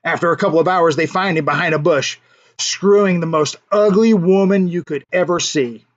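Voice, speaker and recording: A man's voice: fairly high pitch, normal speed, lo-fi sound. A man hosting a casual livestream, telling a joke and chatting with viewers in a playful way, chuckling at his own jokes. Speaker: livestream host.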